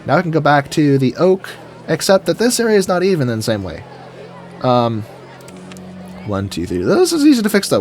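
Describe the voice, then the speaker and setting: A man's voice: a little high, huge pitch swings, normal speed, long pauses, darkish tone, faint music behind, a faint crowd. A man giving casual, goofy commentary while building in a game, chatting to himself as he goes. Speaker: gaming video creator. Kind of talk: casual let's-play commentary.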